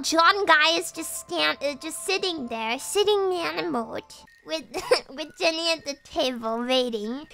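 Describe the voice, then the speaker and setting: Woman, high-pitched, casual storytelling, animated, laughing, swearing. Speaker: streamer.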